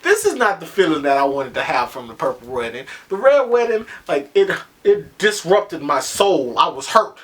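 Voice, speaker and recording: A man reviewing a TV episode in a casual, profane monologue, excitable and acting out his own reactions. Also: on the high side, moderate pace, hardly any pauses.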